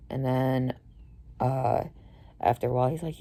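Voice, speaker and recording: A young woman telling a rambling, swear-heavy story to camera, mostly low-key and tired with sudden heated outbursts. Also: steady tone, moderate pace, creaky, mellow. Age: young adult. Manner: swears a lot, rambling with many fillers. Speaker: vlogger. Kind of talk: casual storytelling rant.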